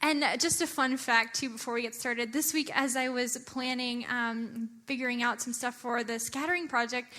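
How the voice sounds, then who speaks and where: A young adult woman giving a chatty, animated church talk, often using filler words. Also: a little high, normal speed, hardly any pauses. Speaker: church speaker.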